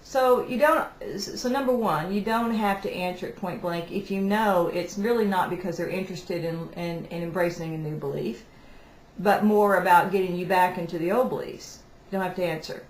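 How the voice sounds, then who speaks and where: A woman's voice: on the low side, moderate pace. A woman hosting weekly spiritual messages, giving advice in a casual, conversational way and often restarting her sentences. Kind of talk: casual teaching talk to camera. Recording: echoey room, faint background noise.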